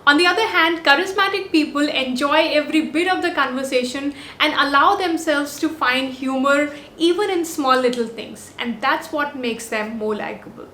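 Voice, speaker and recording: A woman's voice: sits high, normal speed, few pauses, fairly bright tone, a little hiss or hum. A woman hosting a body language vlog, giving upbeat, emphatic scripted advice point by point. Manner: upbeat, emphatic list delivery. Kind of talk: scripted talking-head advice. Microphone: compact on-camera mic. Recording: roomy echo.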